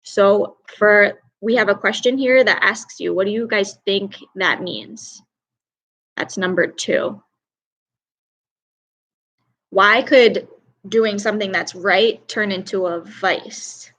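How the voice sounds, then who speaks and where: A young woman teaches an online class, speaking into a computer mic on a video call. Her pitch sits in the middle, and she keeps a chatty, upbeat tone. She praises students by name as she goes. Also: slow, pauses often, a bit bright, poor audio.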